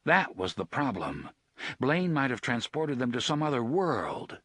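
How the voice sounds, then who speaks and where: A male audiobook narrator with a husky tone and a lively, varied pitch. The recording is dry and close, with no room sound. He reads steadily and expressively. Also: measured pace, no room sound.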